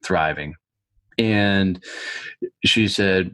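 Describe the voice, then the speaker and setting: A deep-voiced middle-aged man tells his story in a blunt, profane, animated way. The sound is dry and close, with no room echo. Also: moderate pace. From United States. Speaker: podcast guest. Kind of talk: storytelling in an interview.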